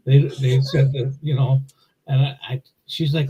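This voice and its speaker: Husky-voiced man from Wisconsin, muffled line. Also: mid-range voice, level tone, normal speed, mellow. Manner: rambling, repeats himself, plainspoken. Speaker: guest, gasser drag racer. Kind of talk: casual podcast interview. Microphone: remote video call.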